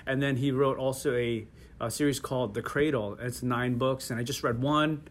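A middle-aged man in a relaxed interview, talking with many restarts and frequent laughs. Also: medium pitch, normal speed. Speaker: interview guest. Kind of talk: casual conversational interview.

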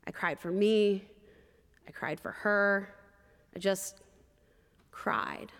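A woman preacher telling a personal story in a sermon, measured and expressive with vivid detail. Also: medium pitch, clear, resonant tone, big-room sound.

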